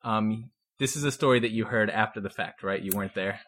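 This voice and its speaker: A man's voice: fairly low pitch, a little fast, a bit bright. A man hosting a podcast, chatting casually with a guest and asking short follow-up questions. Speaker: podcast host. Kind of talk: casual interview chat.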